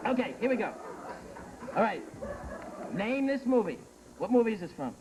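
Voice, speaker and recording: High, wisecracking male game show host. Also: sing-song. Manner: wisecracking, teasing, quick jokes. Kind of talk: comedic game show hosting. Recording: noisy archive TV studio tape.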